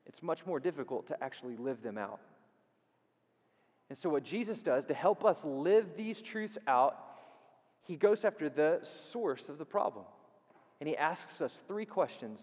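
A man preaching a sermon as pastor, swinging from loud and quick to hushed and drawn out, repeating phrases and asking his listeners questions. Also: on the high side. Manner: repeats phrases for emphasis and asks the audience questions. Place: church sanctuary. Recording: long reverb in a church hall.

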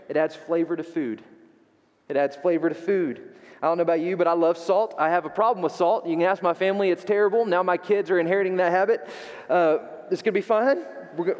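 A man's voice: on the high side, darkish tone. Emphatic preaching man in a reverberant hall. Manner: emphatic, repeats rhetorical questions. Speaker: pastor. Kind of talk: sermon. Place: church sanctuary.

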